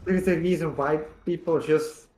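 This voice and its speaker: A man's voice: on the high side, moderate pace, slight background noise. Man in an echoey room. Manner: relaxed, reading off a list. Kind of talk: casual gaming stream chat.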